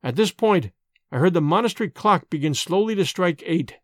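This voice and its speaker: A narrator reads an old-fashioned tale aloud for an audiobook, expressive and measured. His fairly high voice rises and falls widely and sounds close and dry on the mic, with faint music underneath.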